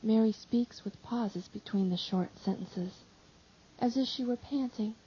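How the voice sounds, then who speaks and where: A woman reading a devotional text aloud in measured, solemn narration. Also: a little high, mellow, husky. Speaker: audiobook reader. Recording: slightly dull lo-fi audio.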